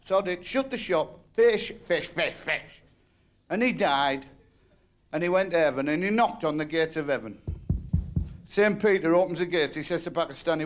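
A man from North West England with a Northern English accent, telling crude jokes bluntly and quick-fire as a stand-up comedian on stage. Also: a little high, expressive.

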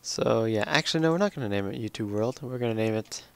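A tired young man slowly rambling through casual commentary on his own game. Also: mid-range voice, gravelly, smooth, no room sound. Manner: slow, drowsy, rambling. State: tired, yawning. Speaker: let's play gamer.

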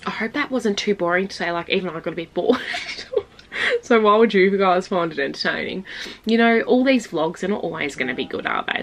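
A young woman chatting casually in her vlog, rambling, swearing and giggling. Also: mid-range voice. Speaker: vlogger.

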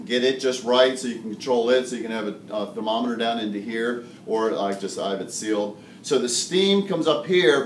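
Picked up at a distance in a spacious classroom, a man who teaches high school chemistry speaks in a mid-range voice with slight background noise. He's a jokey, lively explainer who laughs a lot.

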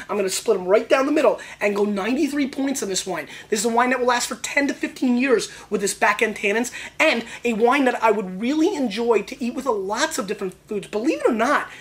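A man hosting a casual wine tasting show, excitable and playful, riffing on flavors in slangy talk. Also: very high voice.

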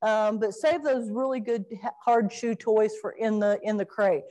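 A middle-aged woman giving an informal talk on training dogs, animated and acting out crying puppies and fussing owners. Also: mid-range voice, normal speed. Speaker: dog training presenter.

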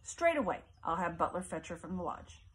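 A woman's voice: on the low side, big pitch swings, brisk, slightly rough. Woman doing a composed, dutiful boy. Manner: polite, restrained, dutiful. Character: Artemis, cool, composed young boy.

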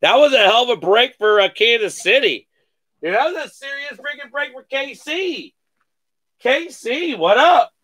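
A man hosting a live sports card break, calling out each card with excited slang and cursing. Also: very high-pitched, no room sound. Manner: excited, calls out cards rapidly with slang and cursing.

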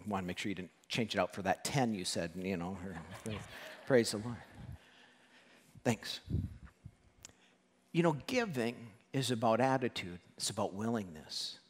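A man preaching a sermon to a congregation, animated and joking, acting out quoted voices. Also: lowish voice, measured pace, pauses often, slightly rough, big-room sound. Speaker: pastor. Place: church hall.

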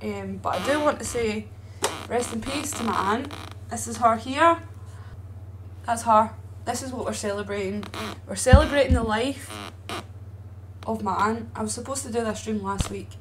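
A woman's voice: fairly high pitch, normal speed, pauses often, noisy background. A young woman chatting casually and bluntly to her viewers on a live stream, swearing freely, into a streaming microphone at home.

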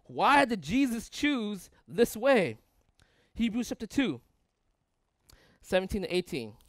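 A man's voice: sits high, very animated, slow pace, a bit bright, dry recording, studio quality. A male pastor preaching a sermon in a conversational way, asking his listeners rhetorical questions and building long emphatic lists.

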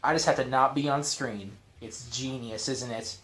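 A man's voice: medium pitch, fairly even intonation, normal speed, a bit bright. A man chatting casually to the camera in a jokey, self-mocking way.

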